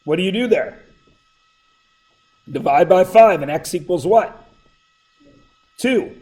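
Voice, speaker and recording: In a low-quality recording, a middle-aged male math teacher lectures his class despite a sore throat, questioning the students again and again for answers. He talks slowly in a high, slightly mellow voice with lively intonation.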